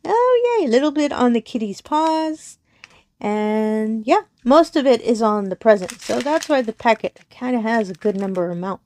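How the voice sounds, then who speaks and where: A woman's voice: fairly high pitch, very animated, moderate pace, a little mellow. A woman, casually narrating a crafting unboxing, gushing, giggling and often apologizing. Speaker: crafting channel host. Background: crinkling plastic packaging.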